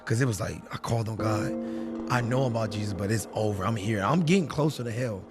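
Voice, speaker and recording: A man's voice: animated, quick pace. Man telling a dramatic story, music behind. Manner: emotional, swings from low hushed tones to shouted quotes. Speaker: guest telling his story. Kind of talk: casual storytelling of a personal experience.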